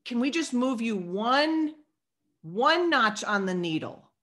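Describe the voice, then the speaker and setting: A woman giving an energetic motivational talk on sales to her team, preachy in tone and playing out sales dialogue as she goes. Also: on the high side, takes it slowly.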